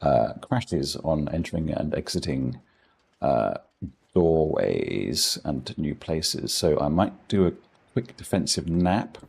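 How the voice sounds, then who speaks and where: A man's voice: extremely low pitch, lively intonation, slow, vocal fry, a little mellow, slightly rough. A man casually thinking aloud as he comments on his own game play, rambling and correcting himself. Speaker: gaming channel host.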